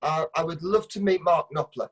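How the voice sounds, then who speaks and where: A man's voice: a little high, normal speed, slightly rough. A middle-aged man, a kids' entertainer, giving dry, teasing answers in a casual interview. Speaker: kids' entertainer and ventriloquist guest.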